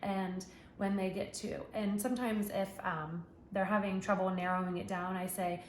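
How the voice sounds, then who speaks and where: A woman's voice: medium pitch, steady tone, moderate pace, hardly any pauses, slight background noise. Patient woman teacher in an echoey room. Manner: patient, stretches out letter sounds. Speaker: kindergarten teacher. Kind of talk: tutorial for parents.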